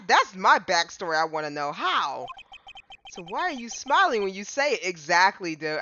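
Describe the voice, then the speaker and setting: Expressive woman streamer, slangy and laid-back. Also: mid-range voice, dry recording, dull audio. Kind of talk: casual game playthrough commentary. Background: game music.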